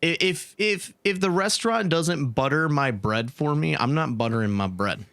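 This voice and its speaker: A man's voice: fairly high pitch, moderate pace, creaky, fairly bright tone, dry recording. A man hosting a laid-back podcast, rambling and restarting his sentences with repeated words. His voice is recorded close and dry, with no room around it. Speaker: podcast host. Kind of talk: casual podcast chat.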